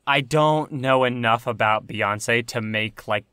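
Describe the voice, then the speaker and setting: A man co-hosting a podcast, chatting casually with deadpan, absurd humor. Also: mid-range voice, slow pace, clear, resonant tone, no room sound, studio quality. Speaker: podcast co-host. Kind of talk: casual chat.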